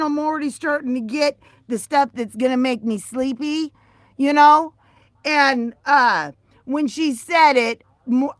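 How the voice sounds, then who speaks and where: A woman telling a story on a casual livestream, animated and profane, swinging from loud outbursts to quiet asides. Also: sits high, no echo, clean studio sound.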